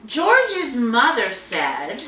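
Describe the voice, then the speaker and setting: A woman children's librarian leads storytime with a bright, sing-song voice that swoops up and down as she talks to small children. She speaks slowly and clearly. She is recorded a little off-mic in a roomy, echoey space. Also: fairly high pitch, far from the mic, a little hiss or hum. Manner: animated, sing-song, talking to young children. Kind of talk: storytime with songs and reading aloud. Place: library room. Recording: echoey room, voice a bit off-mic.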